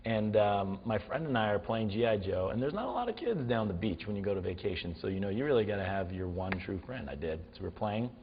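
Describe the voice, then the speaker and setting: A man's voice: on the low side, quick pace, few pauses, muffled recording, a little hiss or hum. A man telling a funny story as a talk show guest, acting out the scenes. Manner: animated, acts out the scenes. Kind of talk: comic storytelling.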